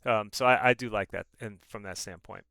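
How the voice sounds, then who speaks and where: A man leads a live trading call in a relaxed, chatty way, often pausing on fillers and starting sentences over. His voice is bright and smooth, and it sounds dry and close to the microphone. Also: on the low side, dry recording. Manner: casual, hesitant with fillers and restarts. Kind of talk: live market chat.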